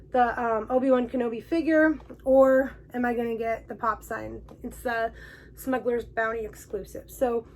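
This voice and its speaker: A young woman with a fairly high voice tells a fan story straight to the camera, excited and emotional, tripping over her words with fillers and restarts. Faint background noise sits under her voice. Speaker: vlog host. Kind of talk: casual personal storytelling to camera.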